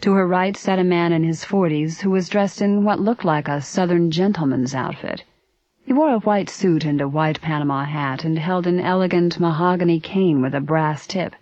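A woman narrating a story aloud in a steady, even reading voice. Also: lowish voice, moderate pace, no room sound. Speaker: audiobook narrator. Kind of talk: scripted narration. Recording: dry, slightly dull recording.

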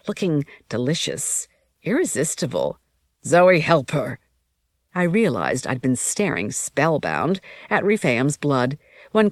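Low-voiced woman narrating an audiobook. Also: no room sound, clean studio sound. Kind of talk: first-person scripted narration.

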